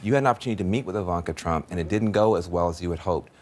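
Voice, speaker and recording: A man's voice: low-pitched, very fast. A man hosting a talk show, talking earnestly and emphatically with guests and teasing them. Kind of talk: studio interview and show segments.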